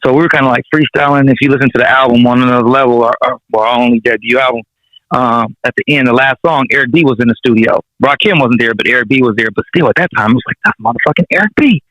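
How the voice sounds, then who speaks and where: A rapper appears as a guest in a casual interview, telling stories in a laid-back, slangy, profane way and chuckling through his anecdotes. His medium-pitched voice is steady, quick and fairly bright. The sound is dull and dry, with no echo.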